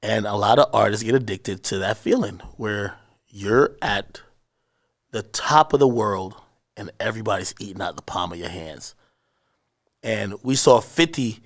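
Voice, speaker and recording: Male guest, casual interview storyteller, animated, swears a lot. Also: fairly low pitch, a little slow, long pauses. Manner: animated storyteller, acts out shouted quotes; profane, slangy.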